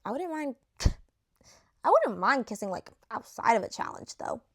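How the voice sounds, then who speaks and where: A woman playing a pushy young man who won't take a hint. He keeps pressing, insistent and leaning in, in a slightly high voice. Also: big pitch swings, moderate pace.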